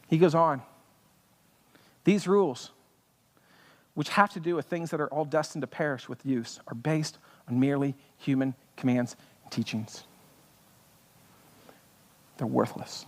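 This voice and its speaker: A man's voice: mid-range voice, a little mellow. A man preaching a sermon as pastor, impassioned, with rhetorical questions and bits of humor. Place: church sanctuary. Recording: long church hall reverb.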